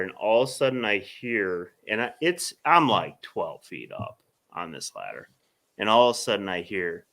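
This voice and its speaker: A man's voice: on the low side, moderate pace. A young man co-hosting a podcast, telling a story in casual, profane chat and laughing as it builds. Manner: animated storyteller, swears freely, laughs through the story. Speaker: podcast co-host.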